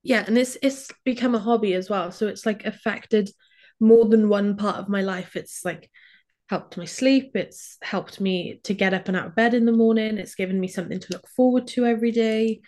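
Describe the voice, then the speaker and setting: Woman, group participant, casual, hesitant with fillers, mid pitch. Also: steady tone, moderate pace, darkish tone. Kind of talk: casual chat.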